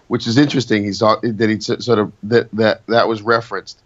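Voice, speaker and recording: A man's voice: medium pitch, fairly even intonation, a little fast. Rambling male singer, lo-fi sound. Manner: rambling, many restarts and fillers. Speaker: singer, interview guest. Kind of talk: casual interview chat.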